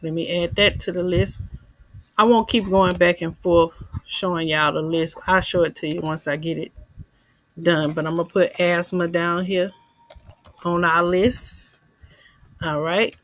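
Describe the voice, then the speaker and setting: Slow-talking woman hosting a livestream. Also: fairly low pitch, level tone, a bit bright, low-quality recording. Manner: chatty, laughs often, reads comments aloud. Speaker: livestream host. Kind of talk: casual live chat reading comments.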